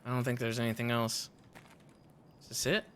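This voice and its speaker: A man's voice: mid-range voice, level tone, moderate pace, fairly bright tone, slight background noise. A man chatting on voice chat while gaming, laughing often and swearing when things go wrong. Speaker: gamer on voice chat.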